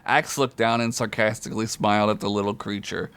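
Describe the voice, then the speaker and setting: A man's voice: steady tone, a little fast, gravelly, clear, resonant tone, no echo. A man reading a comedic fantasy story aloud on a podcast, chuckling often as he goes. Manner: reads aloud with frequent chuckles, loud high character voices.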